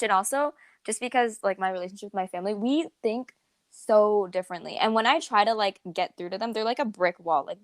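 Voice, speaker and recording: A woman's voice: mid-range voice, dry recording. A young woman co-hosting a podcast, talking casually and rambling with many fillers and restarts. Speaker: podcast co-host. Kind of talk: casual chat.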